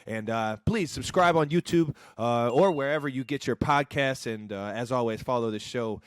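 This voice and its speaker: A man from Ohio co-hosting a sports podcast in casual, playful chat, talking in an animated way with lots of "like" and casual swearing. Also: mid-range voice, moderate pace, no echo. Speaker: podcast co-host.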